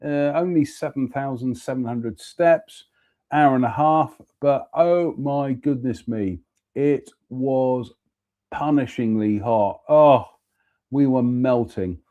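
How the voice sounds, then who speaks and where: A man's voice: medium pitch, warm tone. A man, chatting casually as host about a walk and a beer, then reading out a ghost story. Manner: chatty, exclamatory, reads labels aloud.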